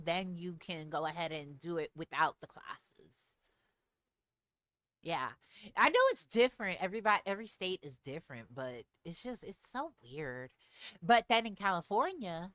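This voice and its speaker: A woman streamer telling a story to her live chat in a casual, animated way, laughing often. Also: lowish voice, no room sound.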